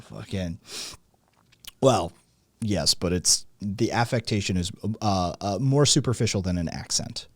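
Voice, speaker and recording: A man's voice: on the low side, measured pace, no room sound, clean studio sound. A man from Tennessee with a Southern Tennessee accent, hosting a casual, heavily profane podcast chat. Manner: swears constantly, animated. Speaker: podcast host.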